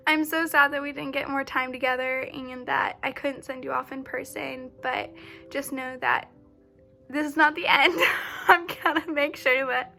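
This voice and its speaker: A young woman with a high, bright voice and a gravelly edge records a tribute to a close friend. She gushes with affection, though her pitch stays fairly level. Faint music plays behind her. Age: young adult. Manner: warm, gushing, affectionate. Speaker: college student giving a tribute.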